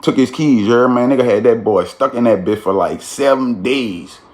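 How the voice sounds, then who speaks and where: A man's voice: mid-range voice, normal speed. A man telling a street story in a casual, slangy way, with frequent "you feel me" tags.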